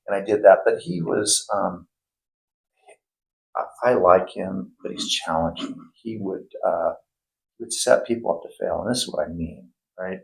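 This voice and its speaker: Middle-aged guy, low creaky voice, chatty interview guest, lots of um and restarts. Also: normal speed, poor audio. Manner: rambling, many restarts and fillers. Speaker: guest investor and former plumber. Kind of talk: casual interview conversation.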